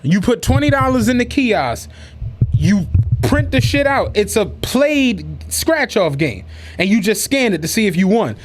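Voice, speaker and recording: A man's voice: sits high, unhurried, a little hiss or hum. A man co-hosting a podcast in casual chat, telling stories with lots of swearing and frequent laughter. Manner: animated storyteller, heavy profanity, laughs through his stories. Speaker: podcast co-host.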